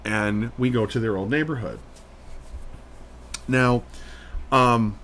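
A man co-hosting a podcast, telling a story in casual chat, rambling and animated, full of "like". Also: mid-range voice, a little hiss or hum. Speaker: podcast co-host.

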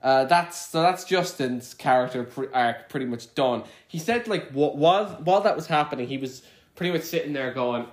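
A man's voice: mid-range voice, a little fast. A man co-hosting a podcast, chatting casually about a movie in a rambling, profane way with many restarts. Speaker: podcast co-host. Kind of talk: casual movie-review chat. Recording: roomy echo.

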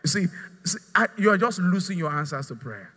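A pastor preaching a lively sermon, acting out his congregation and calling for responses. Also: high voice, a little fast, breathy edge, in a large hall. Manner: animated, mimics congregants, asks crowd to respond.

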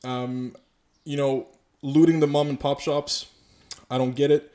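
Man hosting a halting podcast. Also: a little high, flat delivery, mellow. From Canada. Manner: halting, many fillers and restarts, sometimes swearing. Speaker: podcast host. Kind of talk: casual podcast monologue.

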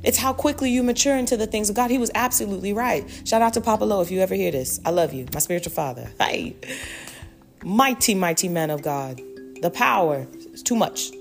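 A woman's voice: medium pitch, lively intonation, fairly quick, creaky, soft background music. A woman speaking fervently as a Christian parenting speaker, teaching in a preacherly way. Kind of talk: spiritual teaching monologue.

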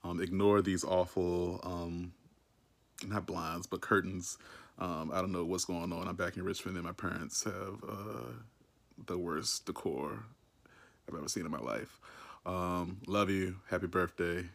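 A man's voice: low-pitched, a little slow, gravelly. A man recording a casual, rambling birthday message for a friend, with many fillers.

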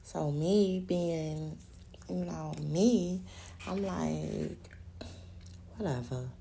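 A woman's voice: lowish voice, extremely slow, gravelly, dark tone, slight background noise. A woman hosting a podcast, talking alone in a rambling, profane, casual way and laughing often. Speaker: podcast host. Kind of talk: casual solo chat.

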